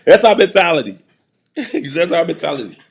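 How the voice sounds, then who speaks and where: A man's voice: on the high side, very animated, moderate pace, creaky, slightly rough. A middle-aged man hosting a show, giving a casual, joking commentary monologue and laughing often. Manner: joking, laughing often, mocking put-on voices. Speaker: show host.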